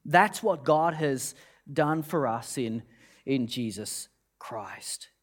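A man's voice: mid-range voice, animated, slow pace. A man preaching a sermon, telling a long humorous story with many restarts before turning to scripture. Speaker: pastor.

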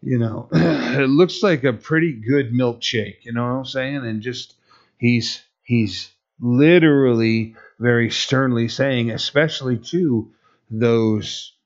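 A man's voice: mid-range voice, slow pace, dull audio. A man preaching a sermon in a conversational way, with casual asides and fillers, turning stern and emphatic when he quotes a rebuke.

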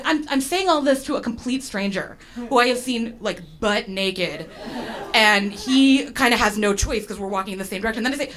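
A woman's voice: fairly high pitch, normal speed, fairly bright tone. Chatty woman telling a personal story. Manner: chatty, self-deprecating, many fillers and restarts.

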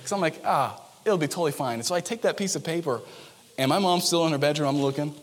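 A young adult male pastor delivers a sermon in a fairly high-pitched voice. He tells lively stories full of playful asides and quick jumps into character voices.

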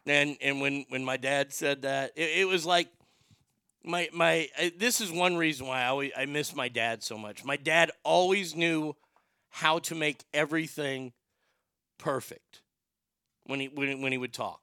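A male radio host tells personal stories in a loose, rambling way, cursing freely and leaning into dark humor. His voice is bright and crisp, and the recording is dry and close. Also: a little high, a little slow, dry recording. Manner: rambling, profane, darkly humorous. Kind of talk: casual storytelling monologue.

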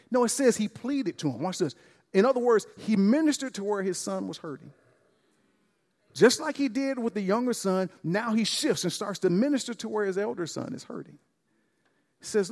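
A man pastor preaching a sermon, acting out dialogue with lively emphasis and repeated words. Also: high voice, moderate pace. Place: church sanctuary. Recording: long church reverb.

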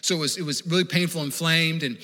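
A man preaching a sermon as pastor, animated and conversational, acting out the voices he quotes, with frequent restarts. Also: fairly high pitch, fast talker, in a large hall. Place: church auditorium.

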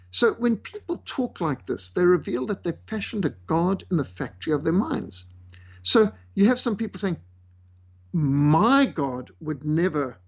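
A man preaches with an emphatic delivery, drawing out words he wants to stress. His fairly high voice is gravelly and husky. The recording sounds dull and lo-fi. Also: darkish tone. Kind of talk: sermon.

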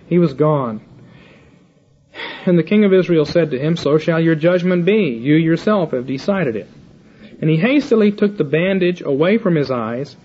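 In a voice pitched a little high, an older man teaches a Bible lesson, retelling the scripture in everyday words and playing out the conversations himself. The audio is muffled and lo-fi.

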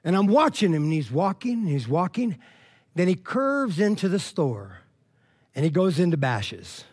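Animated male preacher telling a story. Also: moderate pace, husky. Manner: animated, acts out dialogue with swings in pitch and loudness; conversational, frequent "all right?" and "you know what I mean?". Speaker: pastor. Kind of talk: storytelling sermon.

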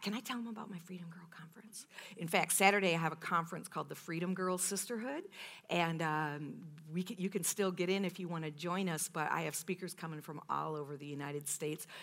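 With a lowish voice and vocal fry, a woman in her fifties shares her testimony at a women's meeting, laughing frequently and dramatizing the outbursts she used to have.

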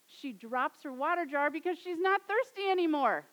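A pastor, a woman in her thirties, preaches a sermon in a high, bright voice at normal speed, staying animated throughout. She climbs to loud, dramatic peaks before dropping into soft, hushed closes, and the recording is rough.

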